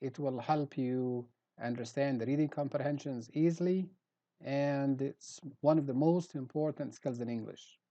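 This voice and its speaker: Warm in tone and mid-range in pitch, a middle-aged man speaks at a moderate pace while teaching English vocabulary. He repeats each word carefully to highlight its stressed syllable, in a dull lo-fi recording.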